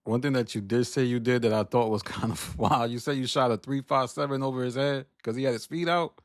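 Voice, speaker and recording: Male podcast host, relaxed, laughs while asking, mid-pitched, dry close sound. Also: a little fast, no echo. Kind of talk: interview questions.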